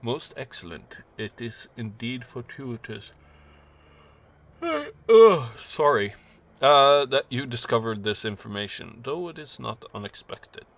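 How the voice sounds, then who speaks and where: A man's voice: medium pitch, animated, a little slow, fairly bright tone. A man voicing a courtly male information broker who speaks in a polite, ornate way. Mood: pleased.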